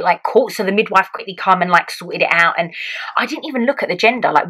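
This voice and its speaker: A woman's voice: lowish voice, fast, bright, forceful tone, poor audio. A young woman telling a personal story in casual vlog style, chatty and acting out what people said. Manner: chatty, acts out quotes, frequent "like". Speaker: vlogger.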